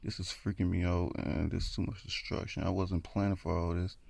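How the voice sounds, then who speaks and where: Guy doing his freaked-out auntie, low creaky voice, nervous. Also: level tone, normal speed, a little mellow, no echo, heavily acted. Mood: scared. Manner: anxious, rattled. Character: frightened woman, an aunt.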